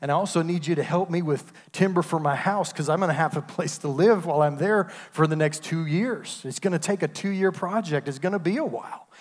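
A man's voice: on the high side, brisk, hardly any pauses. A man, preaching a sermon with call-and-response asides. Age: 50s. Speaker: pastor. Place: church sanctuary. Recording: long hall reverb.

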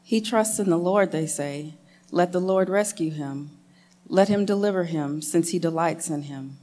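A woman reading Bible verses aloud in a quiet, even way. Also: on the low side, unhurried. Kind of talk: scripture reading.

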